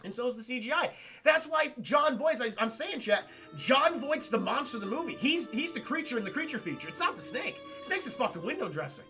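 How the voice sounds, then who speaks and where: A man streaming a profane film recap to his chat, animated and acting out characters in goofy voices. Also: very high-pitched, a little fast, faint music behind.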